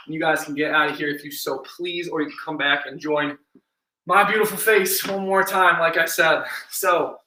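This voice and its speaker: An encouraging male fitness coach leads a streamed class, counting down exercises and cheering people on while slightly out of breath. His voice is crisp and bright, sitting a touch high for a man. He sounds set back from the mic in a room with a noticeable echo. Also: a little hiss or hum. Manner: upbeat, encouraging, counts reps aloud. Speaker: fitness instructor. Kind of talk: live-streamed workout class. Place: indoor room, home workout stream. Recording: echoey room, distant mic.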